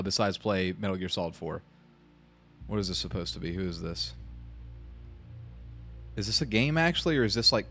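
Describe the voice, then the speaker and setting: A man's voice: lowish voice, a bit bright. A man streaming from home, reacting live in a rambling, profane way and repeating himself when worked up.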